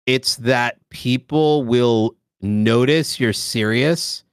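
A man's voice: mid-range voice, drawn-out words, clear, resonant tone, dry recording, studio quality. A man hosting a casual chat, laid-back and slangy, often restarting his sentences. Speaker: host streamer. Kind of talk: casual chat about roleplay gaming.

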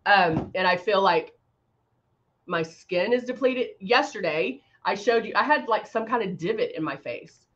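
A makeup brand host leads a casual live-stream makeup chat, rambling, laughing often, using many fillers and reading out viewer comments. Her mid-range voice is animated, unhurried and fairly bright, and the sound is lo-fi.

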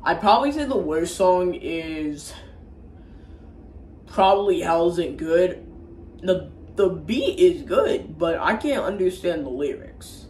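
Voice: medium pitch, lively intonation, slow, a little mellow, distant mic. A rambling, foul-mouthed reviewer recaps a film off the cuff, doubling back on words as the thoughts come. The voice sits in a middling register. It bounces around an echoey room over faint ambient noise. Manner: rambling, crude and profane, with restarts. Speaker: movie reviewer. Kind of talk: casual movie recap. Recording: roomy echo, faint background ambience.

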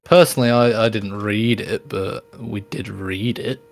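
A man's voice: lowish voice, a little slow. A man in his twenties in casual gaming banter with friends, laid-back with dry teasing. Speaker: co-player on a stream.

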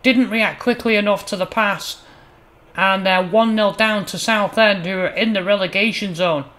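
A man hosting a gaming channel, commentating his own football game matches in a mock match-commentary style, flaring up loudly on near misses and goals. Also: high voice, normal speed. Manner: excitable, bursts loud on chances and goals. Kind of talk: playful mock match commentary over gameplay.

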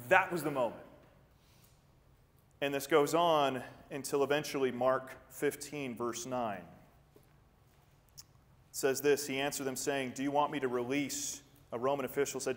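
A man preaching a sermon as pastor, animated, acting out the voices of crowds and stumbling over repeated words when excited. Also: medium pitch, normal speed, big-room sound. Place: church.

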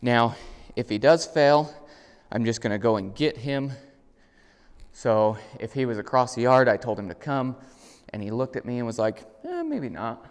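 A man's voice: normal speed, long pauses, clean tone, long reverb tail. A man demonstrating dog training indoors, explaining casually and calling out upbeat commands to his dog. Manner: relaxed explaining, bursts into high, loud, upbeat dog commands. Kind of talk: casual instructional talk. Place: indoors in a house.

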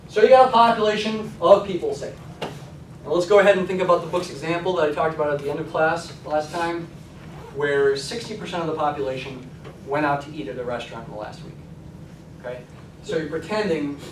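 Male stats lecturer, chatty classroom delivery, somewhat high voice, roomy distant sound. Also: background noise. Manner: conversational, frequent "okay?" check-ins. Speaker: college statistics lecturer.

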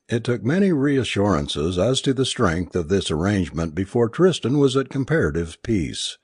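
A man narrating an audiobook with an expressive, varied storytelling delivery. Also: fairly low pitch, normal speed, hardly any pauses, breathy edge, dry recording, studio quality.

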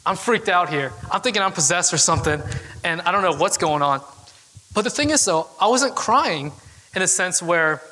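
A man's voice: sits high, animated, normal speed, sharp tone. A young man giving a casual, chatty storytelling talk to an audience, full of fillers. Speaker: keynote speaker. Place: event hall with audience. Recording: long hall reverb.

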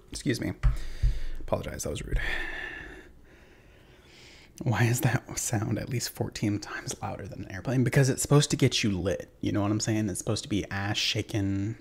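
A man's voice: fairly low pitch, normal speed, creaky, husky. A man streaming a video game, swearing and joking at his chat while he plays. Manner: profane, joking, talks to chat. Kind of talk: casual gameplay commentary. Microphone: desk mic.

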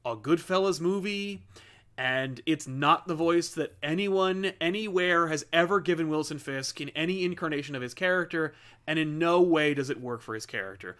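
Dude with a slightly high voice ranting about a movie, lots of "like"s, casual review chat. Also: male voice, a bit bright. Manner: opinionated, talks in quick bursts with many "like" fillers. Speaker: co-host of a comics review show.

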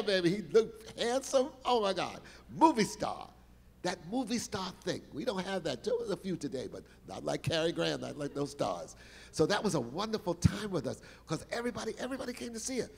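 An older man telling showbiz stories on stage, animated and exclamatory, repeating words for emphasis. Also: fairly high pitch, creaky, slightly rough, long reverb tail. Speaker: guest performer telling stories. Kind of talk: animated storytelling interview. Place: stage in a large hall.

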